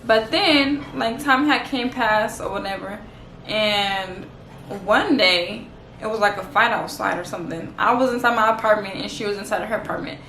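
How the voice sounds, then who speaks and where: A woman from Los Angeles tells a storytime vlog in a chatty, slangy manner, saying "like" a lot. Her mid-range voice has a sharp tone at normal speed. The room is echoey, with a little hiss or hum.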